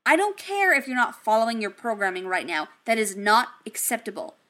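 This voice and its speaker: A woman voicing a stressed adult man who scolds sharply and then turns soft and reassuring. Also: a little high, takes it slowly. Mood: scolding. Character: stressed adult man, exasperated but caring.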